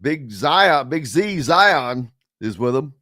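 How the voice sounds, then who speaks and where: Man, sports talk radio host, mid-pitched, casual rambling delivery, lots of fillers, dry studio sound. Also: very animated, slow pace, sharp tone, no room sound. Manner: loose and rambling, many fillers, reads chat comments aloud.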